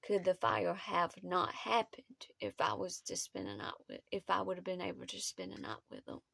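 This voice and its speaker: A young woman, telling a personal story in a halting, emotional way with many pauses. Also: fairly low pitch, big pitch swings, creaky, fairly bright tone, no room sound. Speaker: vlogger.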